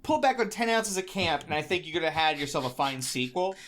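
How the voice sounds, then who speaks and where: High voiced american guy rambling on a podcast, super chatty. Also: a little fast, slight background noise. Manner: rambling, animated storytelling. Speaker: podcast guest. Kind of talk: casual chat.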